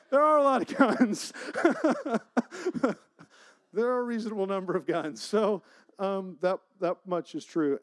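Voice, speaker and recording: A man, a pastor, telling a personal story in a conversational, animated sermon style. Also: a little high. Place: church.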